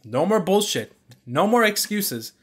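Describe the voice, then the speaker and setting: A man's voice: high voice, very animated, measured pace, slightly rough. A young man giving a casual, blunt movie review, exasperated and swearing freely. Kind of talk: casual opinion rant.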